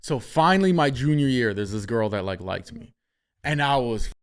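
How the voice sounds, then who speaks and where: A young man hosting a podcast, telling a story in a casual, animated way, swearing freely and acting out what people said. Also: medium pitch, normal speed, clear, resonant tone. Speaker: podcast host.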